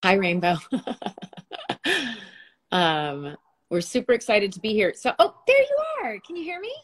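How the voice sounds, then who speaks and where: A woman's voice: mid-range voice, huge pitch swings, measured pace. A middle-aged woman hosting a casual livestream chat from her phone, bubbly and chatty, laughing often. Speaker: livestream host.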